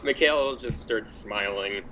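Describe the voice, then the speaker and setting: A man playing a tabletop game, describing his character's actions in a hesitant, halting way. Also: fairly low pitch, pushed and bright, a little hiss or hum, poor audio. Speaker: player.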